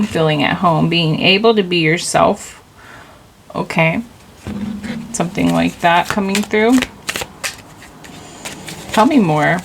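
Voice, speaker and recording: Slow, gravelly-voiced woman tarot reader. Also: sits low, slight background noise, poor audio. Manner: loose and rambling, leaning on "like". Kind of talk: casual intuitive tarot reading.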